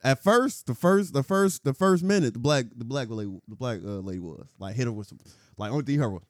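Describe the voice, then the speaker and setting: Lively, animated man telling a story. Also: medium pitch, quick pace, dry recording. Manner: animated storyteller, acts out quotes with big laughs. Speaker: podcast co-host. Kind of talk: casual storytelling chat. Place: podcast studio.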